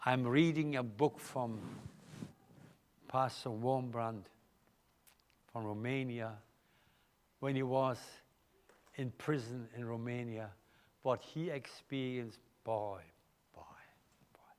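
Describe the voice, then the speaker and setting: A man's voice: mid-range voice, steady tone, slow pace, pauses often. An older man with a German accent preaching a live sermon in church, emphatic and questioning the congregation. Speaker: pastor.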